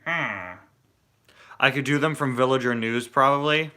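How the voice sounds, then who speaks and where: A man's voice: medium pitch, normal speed, sharp tone. A man chatting casually during a live Q&A stream, rambling and restarting his sentences. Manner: rambling, hesitant, many restarts. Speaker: toy review streamer.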